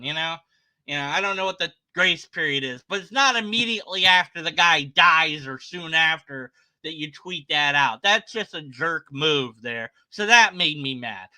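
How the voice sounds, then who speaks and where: A man's voice: on the high side, expressive, normal speed, sharp tone, no echo, poor audio. A man ranting sarcastically in a reaction commentary, exasperated and swearing, sometimes trailing off into muttered asides. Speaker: video commentator.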